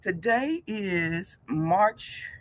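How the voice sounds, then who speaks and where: A woman's voice: mid-range voice, animated, very slow, no echo. A woman in her forties hosting a casual fitness live stream, chatty and greeting her viewers by name with frequent laughs. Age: 40s.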